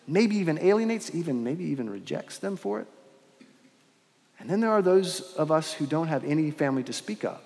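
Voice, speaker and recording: A man preaching a sermon in a measured, earnest way, with pauses and restarts, in a large church. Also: high voice. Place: large church with long reverb. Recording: long hall reverb.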